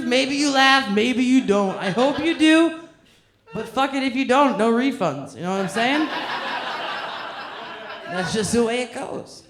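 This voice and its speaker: Crude teasing woman comic, echoey room. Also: medium pitch. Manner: crude, teasing banter with the front row. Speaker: stand-up comedian. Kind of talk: live stand-up with crowd work. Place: comedy club stage.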